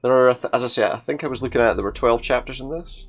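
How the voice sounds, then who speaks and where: A man's voice: mid-range voice, fast. A young man casually commenting while playing a video game and reading its dialogue aloud. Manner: casual, chatty, reads character lines in varied voices. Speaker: gameplay commentator.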